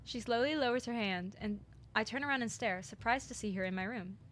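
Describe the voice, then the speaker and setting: A young woman hosting a casual visual novel playthrough, excitable, reading narration aloud and joking. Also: fairly high pitch. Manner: excitable, reads narration aloud, quick jokes. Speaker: host.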